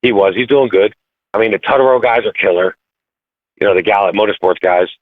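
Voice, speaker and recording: A man calling in as a guest racer, talking in halting, filler-heavy bursts over the phone. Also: lowish voice, no echo. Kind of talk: casual phone interview. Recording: tinny phone line, dry.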